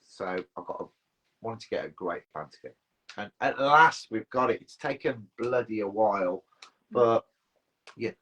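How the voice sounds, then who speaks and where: A man's voice: lowish voice, animated, normal speed, pushed and bright, breathy edge, rough recording. A middle-aged man, a band frontman, telling rambling self-mocking stories and swearing freely in casual livestream chat. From England.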